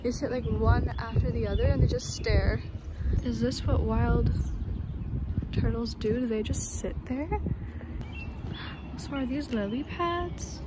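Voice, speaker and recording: A young woman vlogs a lakeside walk with a slightly high voice and an unhurried, excitable way of talking. She speaks into a handheld phone outdoors, with loud outdoor noise and traffic behind her. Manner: excitable, chatty, exclaims often. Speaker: vlogger. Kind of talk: casual vlog narration. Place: outdoor park trail by a lake.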